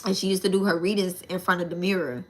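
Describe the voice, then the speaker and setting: A woman tells a personal story to her viewers in a loose, animated way, swearing freely and calling out to them as y'all. Her voice sits a little low for a woman but has a sharp, bright edge. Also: quick pace. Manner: animated, profane, addresses listeners as y'all. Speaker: spiritual channel host.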